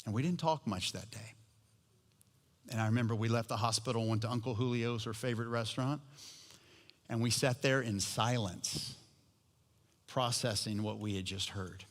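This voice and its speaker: A man's voice: mid-range voice, normal speed, long pauses. A middle-aged man preaching a sermon, telling a personal story in a conversational, humorous way. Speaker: pastor. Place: church sanctuary. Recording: long hall reverb.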